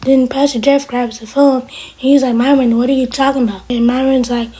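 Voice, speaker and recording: A woman's voice: high-pitched, flat delivery, a little fast, dark tone, slightly rough, rough recording. A woman reviewing a TV episode in a casual recap, retelling scenes with quoted lines and often dropping to a whisper.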